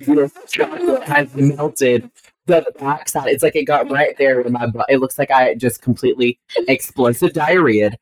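A woman co-hosting a podcast, telling an animated story full of fillers and swearing. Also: a bass voice, moderate pace, rough recording. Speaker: podcast co-host. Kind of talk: casual chat, storytelling.

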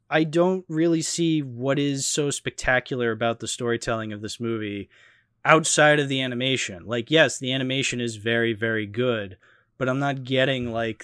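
A man hosting a casual movie podcast, giving animated, critical opinions with lots of fillers. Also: mid-range voice, dry recording, clean studio sound. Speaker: podcast host. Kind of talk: casual movie review chat.

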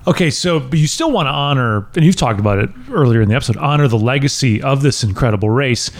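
Brief: male podcast host, bouncy intonation, animated storyteller. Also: mid-range voice, fast, a little hiss or hum. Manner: animated storyteller, quotes others. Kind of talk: casual interview chat.

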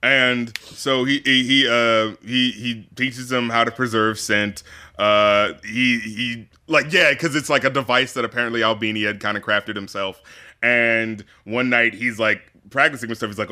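Man, bright tone, casual movie recap, laughs and acts out the characters. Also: mid-range voice, normal speed. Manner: animated storyteller, acts out characters, laughs often. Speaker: podcast co-host discussing a film. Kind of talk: casual chat, retelling a film scene.

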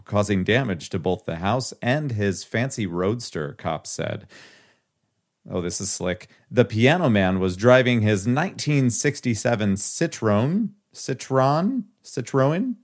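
Wry low-voiced man reading news aloud. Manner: wry, reads an article aloud with asides. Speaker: podcast co-host.

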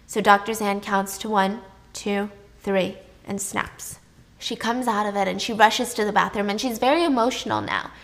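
A woman's voice: expressive, normal speed. Chatty woman retelling a drama. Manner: chatty, acts out dialogue with raised pitch. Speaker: drama recap narrator. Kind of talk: casual storytelling recap.

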